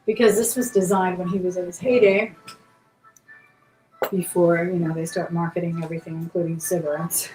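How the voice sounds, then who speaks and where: A woman's voice: fairly low pitch, fairly even intonation, normal speed, mellow. A woman hosting a live jewelry sale, chatting casually as she shows and describes each piece. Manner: chatty, describes pieces while handling them. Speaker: auction host. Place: indoor room. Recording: roomy echo, faint music behind.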